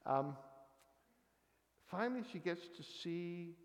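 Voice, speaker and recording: A man in his sixties giving a conversational sermon, telling a personal story in a folksy way. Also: a little high. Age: 60s. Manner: folksy, storytelling, frequent "kind of thing" asides. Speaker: preacher. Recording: long reverb of a large hall.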